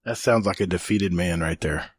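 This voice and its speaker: A laid-back, middle-aged podcast host talks in a low-key, wry way. His voice is fairly low, recorded close and dry. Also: moderate pace, husky, no room sound. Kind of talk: casual podcast chat.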